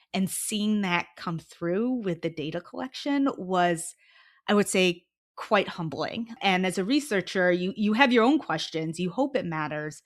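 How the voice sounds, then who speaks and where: A woman in her thirties, a researcher and social worker, answering interview questions earnestly, laughing easily and sometimes dropping to a quiet tone. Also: lowish voice.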